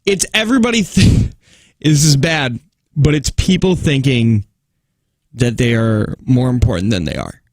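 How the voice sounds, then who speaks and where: A man co-hosting a morning radio show, chatting in animated banter with frequent laughs and restarts. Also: mid-range voice, a little slow, no echo, clean studio sound. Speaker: radio co-host. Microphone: studio mic.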